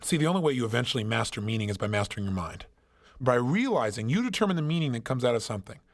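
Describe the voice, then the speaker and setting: A man's voice: medium pitch, sing-song, rapid-fire. A man giving a motivational seminar talk, telling stories emphatically and asking rhetorical questions. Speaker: motivational speaker.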